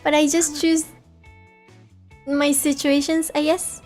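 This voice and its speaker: A woman's voice: high voice, little pitch movement, slow pace, a little mellow, faint music behind. A young woman from Singapore with a light Singaporean English accent, chatting casually on a stream, giggly and full of fillers and restarts. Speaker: VTuber streamer.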